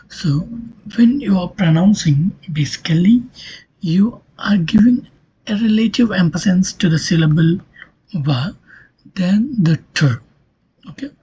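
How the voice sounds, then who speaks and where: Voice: medium pitch, a little mellow, breathy edge, lo-fi sound. A linguistics lecturer giving a recorded online lesson, explaining step by step and often checking in with "okay".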